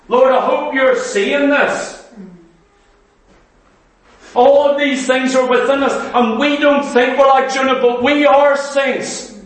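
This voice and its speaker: Male preacher, high voice, passionate rhetorical sermon, very reverberant church sound. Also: a bit bright. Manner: impassioned, rhetorical questions, mimics hearers. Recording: very echoey hall, voice from far off.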